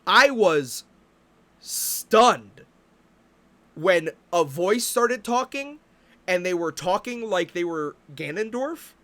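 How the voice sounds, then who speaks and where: A male streamer in a profane, exasperated rant, his voice sitting high and swinging wildly up and down. The tone is bright and sharp. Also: animated, slow pace. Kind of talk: casual stream rant about games.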